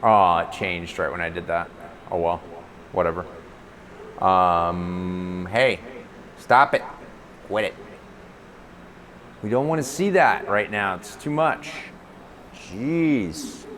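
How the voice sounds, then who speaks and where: A man's voice: sits low, slow, long pauses, a bit bright. A man streaming live from home on a clip-on lapel mic, rambling casually, joking about himself and talking to his cats. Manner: rambling and self-mocking, talks to his cats. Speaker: livestreamer. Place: at home indoors.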